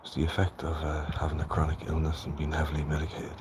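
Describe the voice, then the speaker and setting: A man with an Irish accent hosting a casual live gardening walkthrough, soft-spoken and mumbly, often half-whispering to his plants and insects. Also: a bass voice, monotone, quick pace. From Ireland. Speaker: gardening livestream host. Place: outdoor vegetable garden. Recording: noisy outdoor livestream audio.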